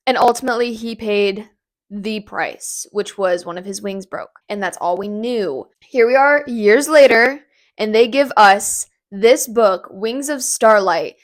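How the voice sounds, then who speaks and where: A young woman vlogging from her home kitchen, gushing about a book in a rambling, excited casual chat. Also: on the high side.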